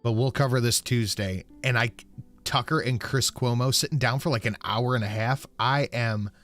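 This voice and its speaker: A man's voice: medium pitch, moderate pace, fairly bright tone, soft background music. A man hosting a live stream, laid back and swearing, plugging his channel. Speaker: streamer host. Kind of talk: casual live-stream talk.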